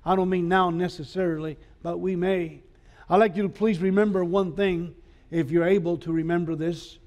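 A man's voice: high-pitched, fairly even intonation, moderate pace, a little mellow. A man preaching a sermon as pastor in a school chapel, speaking earnestly with frequent filler sounds.

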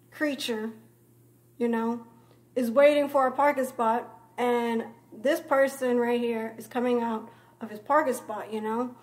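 Young woman vlogger, high voice, rambling storytime, filler-heavy. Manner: rambling, repeats "you know" constantly, name-calling. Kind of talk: casual storytime vlog.

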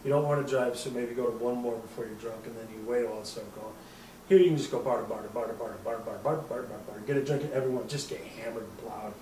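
A man's voice: mid-range voice, quick pace, dark tone, reverberant, distant mic, slight background noise, low-quality recording. A man in his thirties hosting a podcast, telling a rambling, profane drinking story and laughing at himself. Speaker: podcast host. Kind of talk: casual storytelling.

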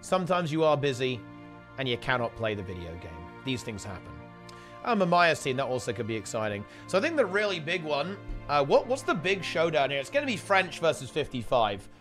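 A man's voice: fairly high pitch, very animated, brisk, fairly bright tone, faint music behind. A man casting a live online game tournament in a chatty, rambling way, often correcting himself mid-sentence. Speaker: esports tournament commentator. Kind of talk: casual live game commentary.

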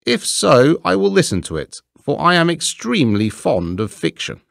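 Man doing a pompous old water rat, lofty, lively swinging voice, slow, gravelly. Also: fairly low pitch, no echo, studio quality. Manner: self-important, lofty.

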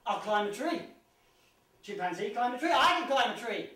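A male storyteller voicing a boastful, swaggering Man in an animal fable, bragging about his strength in a raised, high voice. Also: animated, moderate pace, sharp tone, full character voice. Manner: brash, challenging, high-pitched bragging. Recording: echoey live venue, distant mic.

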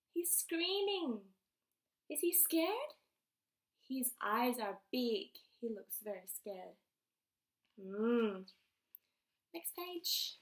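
Woman reading a kids picture book super slow, voice jumping all over, kinda echoey room. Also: a little high. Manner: slow, animated, asks the listener questions. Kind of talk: expressive read-aloud for young learners.

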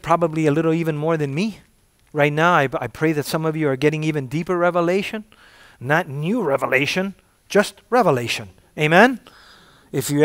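A man preaching a sermon in a slightly raised pitch, calling out to his congregation for an amen and punching key words with sudden loud emphasis. His voice sounds dry and close. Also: dry recording. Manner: call-and-response, repeating "say amen if you're with me". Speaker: pastor.

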